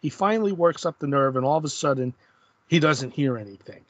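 Husky-voiced man retelling a comic plot. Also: on the high side, animated, brisk, fairly bright tone, dry recording. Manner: laid-back, retells the plot with frequent restarts. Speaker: podcast host. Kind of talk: casual comic book discussion.

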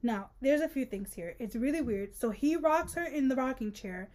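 High-voiced sarcastic young woman. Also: normal speed. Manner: sarcastic, animated, frequent laughter. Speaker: podcast co-host. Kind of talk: casual book-discussion podcast.

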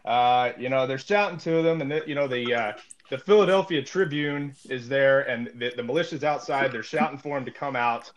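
A man's voice: medium pitch, brisk, dull audio. Rambling joking podcast man. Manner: rambling, joking storyteller with many fillers. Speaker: podcast co-host. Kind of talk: casual podcast chat.

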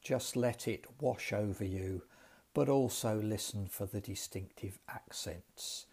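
Slow-speaking man teaching English accents. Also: fairly low pitch, darkish tone. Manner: slow, clear, explanatory. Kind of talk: recorded lesson.

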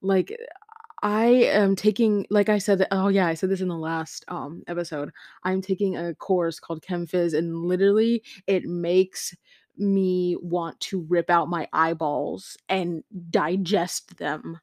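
A woman's voice: lowish voice, fairly even intonation, measured pace, a little mellow, no room sound, studio quality. Chatty teenage girl podcasting from bed. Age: teens. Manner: rambling, giggly, many fillers and self-interruptions. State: tired. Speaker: podcast host. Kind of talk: casual chat. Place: on her bed at home. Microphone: home podcast mic.

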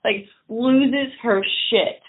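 A young woman telling stories in casual chat, acting out loud quotes with big swings. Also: fairly high pitch, very slow, slightly rough. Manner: animated storyteller, swings into loud mock quotes. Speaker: podcast co-host. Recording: tinny phone-like audio.

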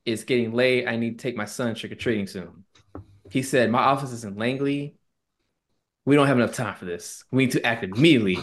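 A man co-hosting a laid-back podcast delivers an animated retelling, voicing the people he quotes in put-on tones. His pitch is medium and his delivery a little fast.

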